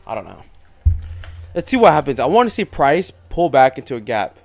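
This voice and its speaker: A man's voice: medium pitch, very animated, brisk, vocal fry. A young man live-streaming his day trading, chatting casually in slangy, rambling talk that keeps coming back to "bro". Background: faint music playing.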